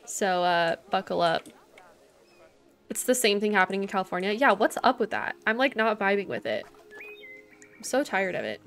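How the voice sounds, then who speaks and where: A woman's voice: mid-range voice, animated, moderate pace, pauses often, a bit bright, faint music behind. A young woman livestreaming a zoo-building game, chatting casually, thinking aloud and greeting viewers in chat. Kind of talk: casual gameplay commentary.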